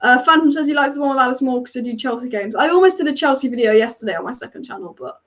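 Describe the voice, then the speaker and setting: Fast-talking high-voiced woman football fan. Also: fairly bright tone, dull audio. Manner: chatty, opinionated, rapid-fire. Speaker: football fan channel host. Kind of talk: live match watch-along commentary.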